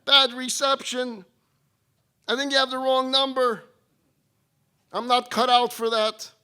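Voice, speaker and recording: A man voicing the prophet Jonah as a flustered man who loudly pretends a bad phone line to dodge a call. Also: very high voice, flat delivery, unhurried, clear, resonant tone, pitched above the performer's own voice, exaggerated voice. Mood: evasive.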